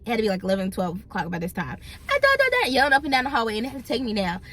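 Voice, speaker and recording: A young woman, telling viewers a storytime in an animated, chatty way. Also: mid-range voice, racing. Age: young adult. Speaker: vlogger. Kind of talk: storytime vlog.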